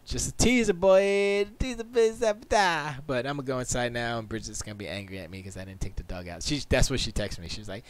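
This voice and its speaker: A man's voice: mid-range voice, quick pace, hardly any pauses. A tired man hosting a livestream, chatting casually in a rambling way and laughing often. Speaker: livestream host.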